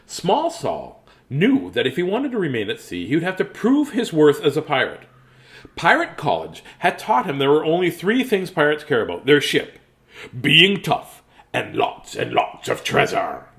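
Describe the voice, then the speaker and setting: Lively, chatty man reading a storybook aloud. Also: on the high side, moderate pace. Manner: chatty, laughs often, breaks off into asides. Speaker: children's book reader.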